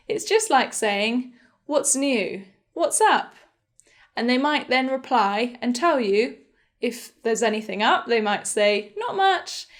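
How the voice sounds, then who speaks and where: A young woman leads a beginner English lesson with a slightly high voice. She speaks slowly and clearly and models each phrase with careful pronunciation. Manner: slow, clear, demonstrative pronunciation of example phrases. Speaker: English teacher.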